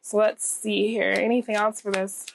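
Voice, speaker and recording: A woman's voice: mid-range voice, flat delivery, moderate pace, creaky. A woman giving a casual tarot reading to camera, a bit scratchy and nasal from a cold she is getting over, reassuring and often checking in with "okay?". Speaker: tarot reader.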